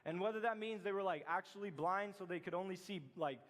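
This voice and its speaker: A man's voice: sits high, fast. A male youth pastor telling a scripture story in a casual, chatty sermon full of fillers and acted quotes. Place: church sanctuary. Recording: long hall reverb.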